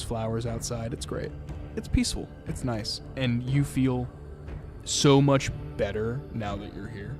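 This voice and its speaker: A man's voice: mid-range voice, a little mellow. A man running a tabletop game as game master, narrating in a rambling way with many fillers, over background music.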